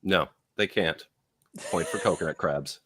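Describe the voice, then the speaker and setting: A very low-voiced man in a casual podcast chat, rambling with lots of hesitations. His voice sounds dry and close. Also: measured pace, fairly bright tone, slightly rough, dry recording. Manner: rambling, hesitant with many fillers. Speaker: co-host.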